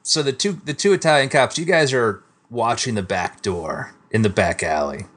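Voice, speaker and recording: A man's voice: mid-range voice, expressive, normal speed, fairly bright tone. A man narrating an improvised tabletop game as game master. He laughs often and breaks into brief silly character voices.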